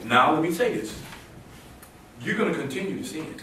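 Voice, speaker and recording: A high-pitched male preacher delivering a sermon, his voice climbing to emphatic bursts as he quotes scripture. He is heard from a distance in a very echoey church sanctuary. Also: lively intonation, moderate pace, noisy background. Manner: rising to emphatic exclamations, quoting scripture, call-and-response. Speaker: pastor.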